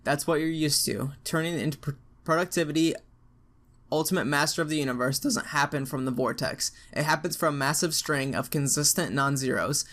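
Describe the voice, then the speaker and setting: A man's voice: on the high side, fairly quick, a bit bright. A young man reading aloud a blunt, slangy advice post with a casual, emphatic delivery and frequent swearing. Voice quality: frank and profane, with slangy asides. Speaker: narrator reading out an online post.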